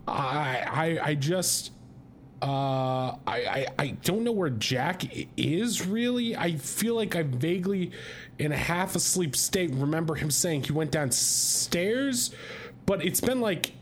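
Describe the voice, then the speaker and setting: A man vlogging in a casual, comedic way, talking in a halting, stammering manner. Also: a little high, a little hiss or hum. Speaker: vlogger exploring a house. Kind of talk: casual comedic vlog chat.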